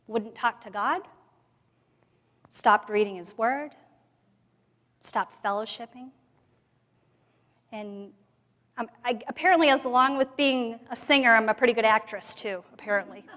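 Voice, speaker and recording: A woman giving a sermon at a church women's conference, sharing her own story and moving from quiet to loud, emphatic passages. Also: on the high side. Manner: expressive, swings from soft to loud. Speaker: conference speaker. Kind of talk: sermon with personal testimony. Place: church sanctuary. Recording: long hall reverb.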